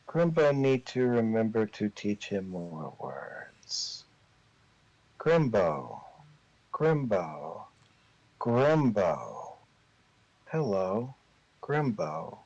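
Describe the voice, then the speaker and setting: A man voicing an eerie male creature that parrots the hero's voice in halting, broken phrases. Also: fairly low pitch, very animated, a little mellow, full character voice. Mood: eerie mimicking. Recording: dull lo-fi recording.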